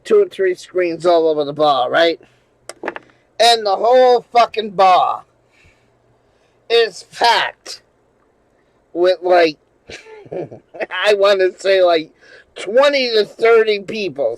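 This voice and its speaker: A man with a notably high voice tells a long, rambling story on his channel, swearing freely and breaking into laughter as he goes. The sound is close and dry, with no room around it. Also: expressive, slow, pauses often, no echo, rough recording. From New England. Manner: rambling, profane, laughing often, with many restarts. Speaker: channel host. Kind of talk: casual storytelling livestream.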